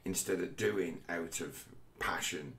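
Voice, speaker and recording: A man's voice: deep voice, slow pace, gravelly, a bit bright. A man delivering a rambling philosophical monologue, swearing heavily and restarting his sentences often. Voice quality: heavy swearing, restless restarts. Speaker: vlogger.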